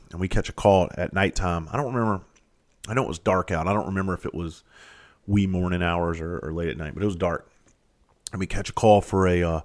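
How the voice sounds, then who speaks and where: A middle-aged firefighter telling a story in a casual monologue, blunt and profane, with no filter. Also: male voice, deep voice. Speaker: firefighter and podcast host.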